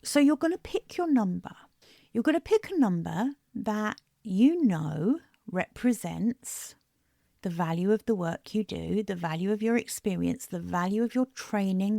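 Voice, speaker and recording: Gravelly woman coaching podcast host. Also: mid-range voice, dark tone, no room sound, studio quality. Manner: direct, emphatic, coaching tone with repeated phrases. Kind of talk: solo podcast monologue.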